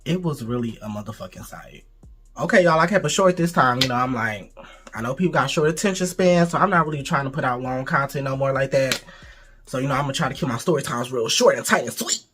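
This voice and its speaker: Bright-voiced man telling a raunchy storytime. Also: medium pitch, fast talker, faint music behind. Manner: animated, blunt and profane, addresses viewers as y'all. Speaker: storytime vlogger. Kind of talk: casual storytelling to camera.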